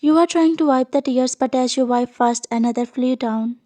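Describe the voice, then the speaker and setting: A woman reading a fan fiction story aloud as scripted narration, in a steady reading voice. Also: sits high, a little fast.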